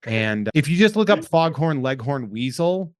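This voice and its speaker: A man's voice: mid-range voice, sing-song, normal speed, dry recording, clean studio sound. A man hosting a podcast, chatting casually in a rambling, joking, self-deprecating way. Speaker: podcast host. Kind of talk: casual chat.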